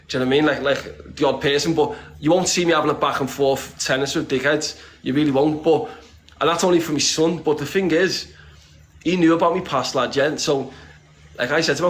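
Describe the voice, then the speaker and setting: A man's voice: fairly high pitch, brisk. A man talking bluntly and casually in an interview, swearing freely and rambling with many restarts. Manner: blunt and streetwise, swears freely, says "lad" often. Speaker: interview guest. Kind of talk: casual conversation.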